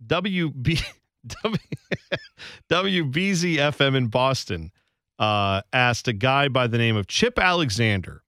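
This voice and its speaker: A man's voice: mid-range voice, lively intonation, takes it slowly, long pauses, sharp tone, dry recording. A male radio host in casual sports-talk banter, joking and slipping into mock accents, on a studio microphone.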